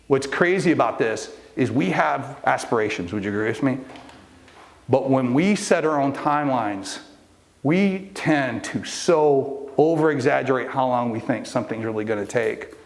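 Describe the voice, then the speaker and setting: A middle-aged male coach with a gravelly, rough edge to his mid-range voice. He tells a story to a live group, stumbling through restarts and fillers. He jumps into the voices of the people in his story. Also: mid-range voice. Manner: storytelling, acts out quoted people. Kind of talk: motivational talk to a live group.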